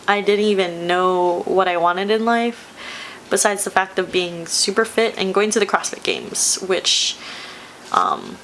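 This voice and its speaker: A woman's voice: medium pitch, fairly bright tone, a little hiss or hum. A young woman talking in a personal vlog, emotional and close to tears, laughing often and rambling with many fillers. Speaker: vlogger.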